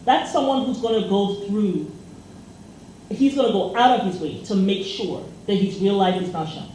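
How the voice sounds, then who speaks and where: A woman's voice: medium pitch, moderate pace, dark tone. A woman co-hosting a casual chat, telling a story in a loose, filler-heavy way. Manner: chatty storytelling with many fillers. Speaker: co-host. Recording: echoey room, faint noise.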